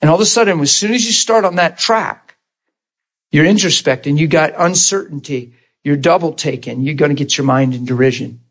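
A middle-aged male preacher delivers a sermon to a small class. His voice sits a little high, and he talks in a conversational way. He checks in with the room for agreement and acts out prayers in quoted voices. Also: brisk.

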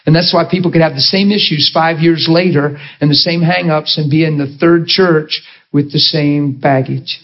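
High-voiced male preacher, joking and laughing, quizzing the room; muffled lo-fi recording. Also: steady tone, moderate pace. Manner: chatty and jokey, laughing often, asking the listeners questions. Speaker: pastor and Bible teacher. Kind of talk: sermon.

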